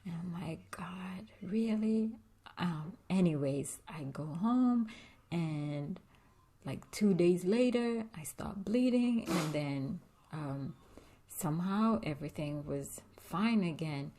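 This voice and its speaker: A woman's voice: low voice, lively intonation, slow pace, mellow. A woman vlogger telling a personal story in a confiding way, with many fillers and frequent drops into a whisper. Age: adult with a young daughter.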